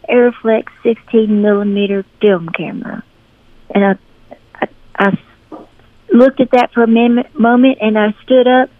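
Brief: woman from Memphis, interview guest, lively anecdotes with voiced-out quotes, dry tinny phone-line sound. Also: medium pitch, dry recording. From Memphis, Tennessee. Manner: animated, acts out quoted voices in her stories. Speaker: interview guest, singer-songwriter. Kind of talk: casual storytelling interview.

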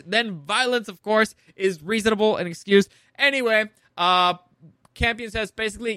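High-voiced, rambling young man recapping. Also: normal speed, no room sound, studio quality. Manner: rambling, animated, profane, laughs often. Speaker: show recap host. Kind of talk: casual episode recap.

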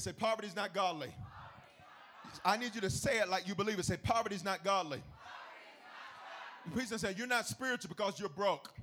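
A man preaching a sermon as pastor, leading call-and-response with his congregation and swelling into shouted, half-sung cadences. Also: high-pitched. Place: church service.

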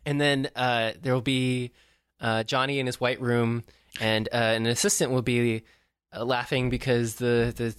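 A man co-hosting a podcast in casual chat, rambling and joking with lots of fillers and restarts, often jumping up in pitch when amused. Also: fairly bright tone, dry recording. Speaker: podcast co-host.

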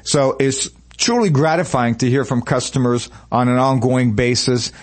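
A man with a mid-range, slightly mellow voice hosts a promotional radio talk show. He tells customer stories conversationally, with lots of fillers.

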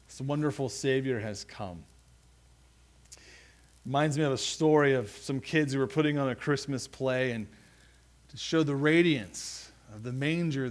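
A man preaching a sermon in an earnest, halting way, with frequent restarts and phrase endings that drop soft. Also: mid-range voice. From United States. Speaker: pastor.

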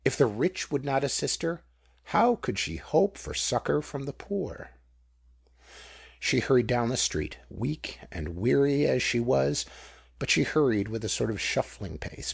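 Male audiobook narrator, dramatic, husky and gravelly, lively delivery. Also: medium pitch, dry recording, clean studio sound. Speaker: audiobook reader. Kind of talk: scripted narration.

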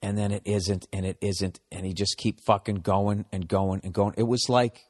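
A man's voice: on the low side, flat delivery, normal speed, a little mellow, long reverb tail. A man hosting a solo podcast, telling stories in a profane, self-mocking ramble. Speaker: podcast host.

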